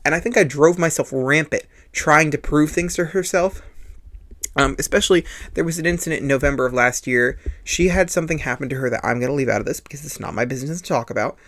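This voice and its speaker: A podcast host tells a personal story in a voice that sits on the high side, with a fairly bright tone and a fast delivery. He is a man speaking earnestly and confessionally, often repeating himself for emphasis.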